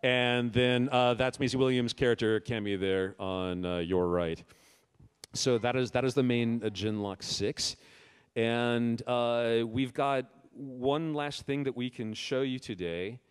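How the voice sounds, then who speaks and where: A man's voice: mid-range voice, clean tone. A man hosting a convention panel as director, talking casually with frequent fillers and restarts. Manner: halting, full of filler words and restarts.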